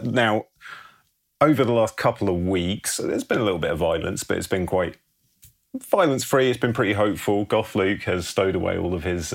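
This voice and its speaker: A man with a very low, gravelly, husky voice, casually narrating a film pitch. His delivery is laid-back, often ending lines with "man". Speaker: podcast co-host pitching a film.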